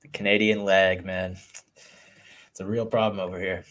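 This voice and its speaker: A man co-hosting a casual live fight watch-along chat, skeptical and quick in his replies. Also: deep voice, little pitch movement, a bit bright. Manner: skeptical, quick back-and-forth. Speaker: podcast co-host.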